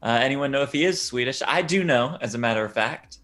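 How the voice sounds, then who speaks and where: A man's voice: mid-range voice, lively intonation, a little fast, fairly bright tone, faint music behind. A man from the United States co-hosting a poker stream, wry and self-deprecating, reading chat comments aloud. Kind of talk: casual banter commentary.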